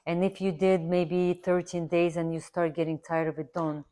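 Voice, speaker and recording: Low-voiced woman chatting while she draws. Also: little pitch movement, moderate pace, warm tone. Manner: rambling, earnest, repeats herself for emphasis. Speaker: art instructor. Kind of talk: casual chatty tutorial while drawing.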